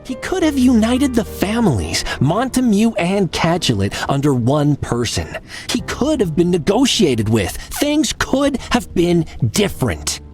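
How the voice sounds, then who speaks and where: A man's voice: sits high, wildly swooping pitch, a little slow, darkish tone, faint music behind, full character voice. A man voicing a wisecracking male cat detective in a video game, talking in quippy, easygoing banter. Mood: earnest.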